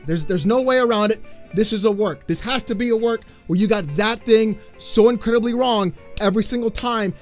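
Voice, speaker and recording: A man hosting a gaming commentary channel, ranting in an exasperated, mocking way that swings into shouting. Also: sits high.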